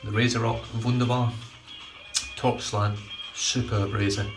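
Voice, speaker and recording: A man's voice: mid-range voice, level tone, measured pace, creaky, music in the background. A man chatting casually in his bathroom about a shave, rambling, swearing freely and correcting himself as he goes. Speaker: shaving vlogger. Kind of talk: casual product review chat. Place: home bathroom.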